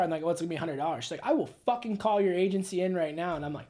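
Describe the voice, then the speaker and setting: A woman telling profane, rambling stories as a podcast guest, with quick asides. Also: on the low side, warm tone. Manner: storytelling, profane, laughing asides. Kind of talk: casual podcast chat.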